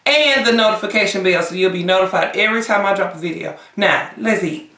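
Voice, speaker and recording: A woman's voice: mid-range voice, fairly quick, sharp tone, recorded from a distance. A woman hosting a casual eating-show vlog, chatting directly to her viewers. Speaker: mukbang vlogger. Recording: echoey room, voice away from the mic.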